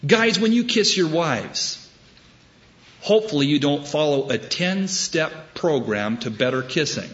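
A man preaching a sermon, telling a story with wry humor and deliberate emphasis. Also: on the high side, expressive, fairly bright tone, lo-fi sound, a little hiss or hum. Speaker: pastor.

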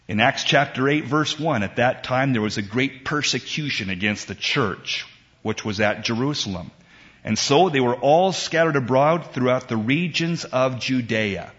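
A middle-aged man preaching a sermon in a church, emphatic and unhurried, with dramatic pauses. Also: medium pitch, fairly bright tone, lo-fi sound. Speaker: pastor.

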